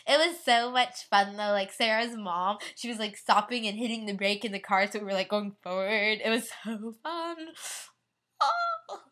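A woman's voice: medium pitch, big pitch swings, normal speed, fairly bright tone. A teenage girl vlogging in a casual, rambling way, bubbly and giggly, with lots of "like" and fillers. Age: teen. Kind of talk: casual rambling vlog chat.

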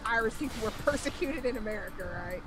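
Chatty woman gamer, high voice. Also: animated, fast talker, music in the background. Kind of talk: casual gaming chat.

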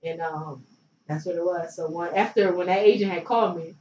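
A woman's voice: on the low side, fairly quick, dark tone. A young woman from Philadelphia, a former pro basketball player, telling her story as an interview guest in a loose, chatty way full of likes and you knows. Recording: roomy, distant, dull sound with faint noise.

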